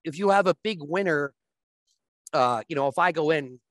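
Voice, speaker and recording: A man as a guest on a talk show, explaining sports betting step by step and often checking with a quick "right?". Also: a little high, fairly bright tone, dry recording.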